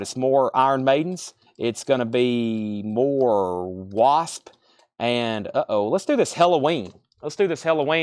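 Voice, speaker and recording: Man, tennessee southern accent, live auction host, fairly high voice, dry close sound. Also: a bit bright, dry recording. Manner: rattles off bids and prices, repeats himself. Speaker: live record sale host. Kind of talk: live-stream auction selling.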